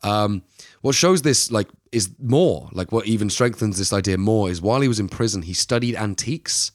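A man with a lowish voice co-hosts a casual true-crime chat, rambling playfully through the story. The sound is close and dry. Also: lively intonation, moderate pace, dry recording. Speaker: podcast co-host.

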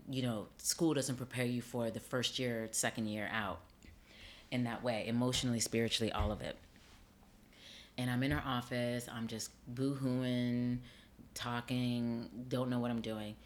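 A middle-aged woman, an actor and acting teacher, chatting in an interview and telling her story with lively acted-out dialogue. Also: very deep voice, a little hiss or hum. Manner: animated storyteller, acts out quoted dialogue. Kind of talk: casual interview chat.

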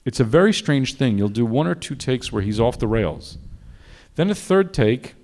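A man's voice: mid-range voice, expressive, moderate pace, darkish tone. Male film director, interview, anecdotal, self-deprecating, restarts sentences often. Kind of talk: interview conversation.

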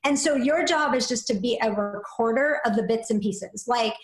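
A woman with a high, light voice talks in a relaxed conversation. She muses in a flowing way, tagging thoughts with "like" and "right?". The room around her rings with echo. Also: moderate pace. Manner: flowing, reflective, many "like" and "right?" fillers. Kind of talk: casual conversation.

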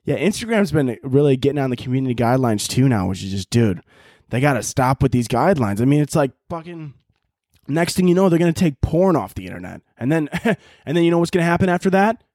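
A man's voice: medium pitch, very animated, fast talker, a little mellow, no echo, studio quality. A young man from Chicago with a Chicago accent, hosting a podcast in a rambling, profane comedic monologue and laughing often. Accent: American, Chicago. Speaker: podcast host.

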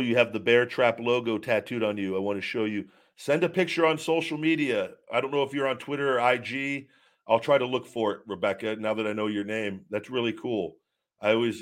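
Casual live-stream host, male, lowish voice, candid and rambling, answers chat questions off the cuff.

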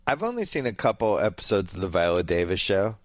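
Low-voiced man, dry close sound. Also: very animated, no echo. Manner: offhand and wry, talks in quick bursts. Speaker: podcast host. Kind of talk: casual chat.

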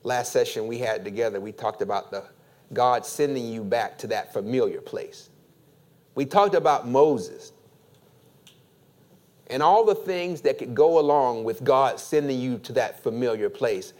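A man preaching a sermon as pastor, slow and deliberate, asking his congregation for an amen. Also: mid-range voice, a little mellow.

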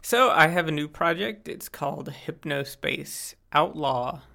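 A young man from Central Florida, a game developer guest, chatting casually in a relaxed way with frequent fillers. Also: a little high, unhurried, creaky. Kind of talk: casual interview chat.

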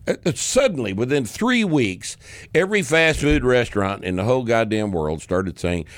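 A podcast host with a mid-range voice chats casually at a moderate pace, swearing freely and laughing as he tells stories and answers listener questions. He's an animated storyteller, and the recording has no echo.

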